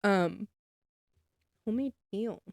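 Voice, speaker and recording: A woman co-hosting a podcast, chatting casually in a soft, agreeable way. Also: medium pitch, slow, creaky, dry recording, studio quality. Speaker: podcast co-host. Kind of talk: casual chat.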